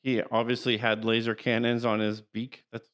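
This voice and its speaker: Male co-host, mid-pitched, casual and rambling, reads trivia aloud between hesitations. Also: completely flat delivery, fairly bright tone. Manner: rambling, halting, reads character facts aloud. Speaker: podcast co-host. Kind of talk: casual chat.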